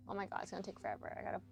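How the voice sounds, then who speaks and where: A young adult woman streaming a game, chatting casually with her viewers and swearing often as she works through a puzzle. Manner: chatty, swears a lot, talks to chat. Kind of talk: casual live-stream commentary while gaming.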